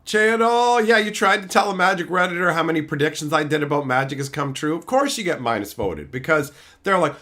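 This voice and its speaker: Profane, animated male streamer ranting. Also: a little high, brisk. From Canada. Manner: crude, combative, shouts mocking put-on voices. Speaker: streamer answering chat. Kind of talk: profane live-stream rant.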